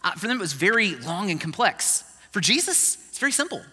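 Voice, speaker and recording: A man preaching a sermon as a pastor, in a conversational, animated way. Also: high voice, a little fast, husky, in a large hall.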